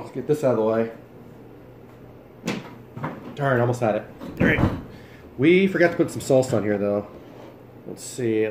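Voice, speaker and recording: A man with a mid-range voice chats and jokes through a relaxed cooking livestream at home, talking as he moves about and chews. The audio is reverberant and very noisy.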